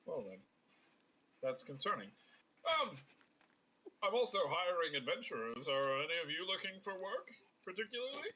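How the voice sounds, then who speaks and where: A man doing a cheerful, eccentric knight who talks with a slightly grand air. The tone is bright and forward. There is a faint hiss of room ambience under the voice. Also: high-pitched, very animated, moderate pace, long pauses, pitched above the performer's own voice, full character voice, rough recording. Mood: cheery. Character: eccentric upbeat adult male knight, Sir Brightwater.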